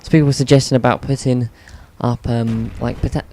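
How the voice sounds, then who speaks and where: A man's voice: mid-range voice, fairly even intonation, fairly quick, darkish tone, slight background noise. A man giving casual, rambling commentary over video game play, with lots of ums and self-corrections. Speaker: gaming commentator.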